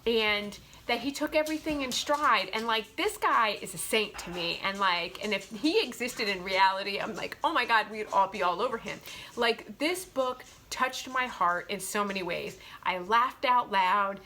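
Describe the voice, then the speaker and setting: A woman's voice: medium pitch, a little slow, few pauses, pushed and bright, a little hiss or hum. A young adult woman chatting heartfelt about romance novels, filling her talk with "like". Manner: heartfelt, chatty, full of "like" fillers. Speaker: booktuber reviewing romance novels. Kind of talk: casual book review chat.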